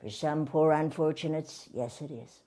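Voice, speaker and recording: A woman's voice: low-pitched, normal speed, dark tone. Woman playing a smarmy middle-aged male guru. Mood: smug. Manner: smarmy, flirtatious, giggly. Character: lecherous fifty-year-old male European colon guru. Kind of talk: stage comedy sketch.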